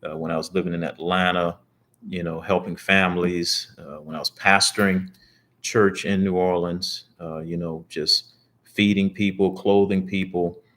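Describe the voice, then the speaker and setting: A man's voice: low-pitched, steady tone, normal speed, fairly bright tone. An older man hosting a talk show, easygoing and encouraging, with many fillers. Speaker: host. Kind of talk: casual talk show chat.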